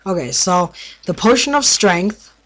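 Game tutorial narrator, casual play-by-play, trips over words, teases mobs, mid-pitched voice. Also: sing-song, unhurried, a bit bright. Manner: stumbles over words while explaining; playful trash talk at mobs. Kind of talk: casual gameplay commentary.

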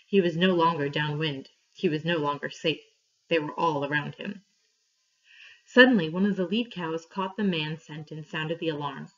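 A woman reading a story aloud to her class, clear and steady, pausing for questions. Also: lowish voice. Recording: dull lo-fi recording.

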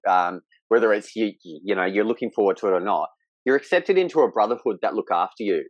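A man, speaking as a podcast guest in candid conversation, halting and emotional with frequent restarts. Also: lowish voice, expressive, no echo, muffled recording.

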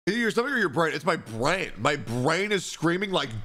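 A man's voice: a little high, very animated, normal speed, few pauses, pushed and bright. A young man talking casually on a live stream, reading chat questions aloud and answering them with frequent swearing. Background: music playing.

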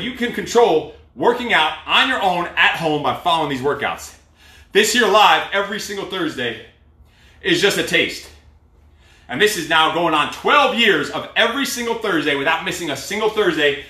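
Loud, pushy male fitness coach, echoey room. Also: a little high, expressive, fairly quick. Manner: loud, pushy, profane motivator. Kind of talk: live workout cueing and pep talk. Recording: echoey room, mic at a distance.

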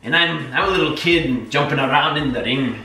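A man's voice: fairly high pitch, brisk, bright, forceful tone, voice pushed down. A young man doing a mock Irish accent as a brash, bragging fighter, recorded far off in a very echoey room. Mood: cocky. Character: boastful cocky Irish fighter impression.

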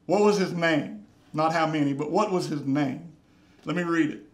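A man's voice: fairly high pitch, moderate pace, fairly bright tone. A man preaching a sermon as pastor, earnest and repeating phrases for emphasis. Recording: roomy church echo.

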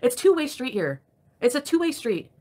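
A woman livestreaming from home, venting in an angry, crabby, profane rant that jumps between grumbling and sharp loud outbursts. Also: high-pitched, very animated, moderate pace. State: crabby and irritated. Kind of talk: ranting live stream chat.

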